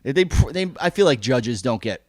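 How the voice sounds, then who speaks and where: A young man with a mid-range voice co-hosts a podcast, talking at normal speed in a casual chat. The recording is dry and studio quality. He's an animated storyteller, acting out the people in his stories and their quotes.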